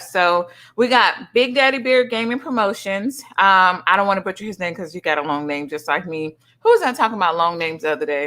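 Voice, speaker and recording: A middle-aged woman hosting a livestream in casual chat, effusively greeting each viewer with loud, high greetings and calling people honey and sugar. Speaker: livestream host. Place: son's home streaming setup.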